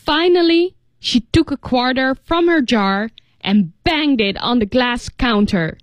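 Brief: female English co-host, bright-ish high voice, relaxed filler-laden explanations, dry booth sound. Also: unhurried, dry recording. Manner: casual explanations full of "like", acts out example lines. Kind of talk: bilingual radio English lesson.

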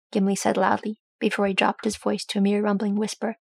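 A woman narrating a fantasy story aloud in a steady, even way. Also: mid-range voice, a little fast, creaky, few pauses, breathy edge, no echo. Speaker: audiobook narrator.

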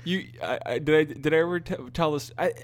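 A young man with a high voice tells a story on his podcast in a loose, casual way. He keeps breaking into laughter and drops curse words freely, with the energy of someone amused by his own tale. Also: quick pace, dry recording. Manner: laughing, swearing, animated. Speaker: podcast host.

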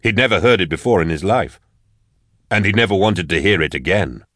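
Man, audiobook narration, very deep voice, dry close sound, measured. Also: no room sound. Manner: even, measured reading.

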